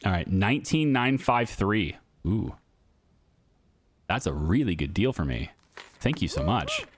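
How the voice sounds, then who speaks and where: Lively sarcastic man playing a game. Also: lowish voice, measured pace, husky. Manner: joking, sarcastic, rambling asides to viewers. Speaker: gaming YouTuber. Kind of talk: casual gameplay commentary.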